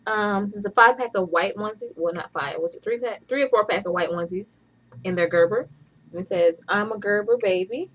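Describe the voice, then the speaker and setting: A lowish, fairly bright voice speaks briskly as this Atlanta vlogger in her thirties chats playfully at home, punctuated by bursts of laughter. There's slight background noise, and the audio is poor.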